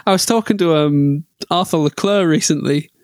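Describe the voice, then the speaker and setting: A man's voice: fairly high pitch, normal speed, dry recording. A man chatting casually and jokily about racing, rambling and laughing often. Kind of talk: casual motorsport chat.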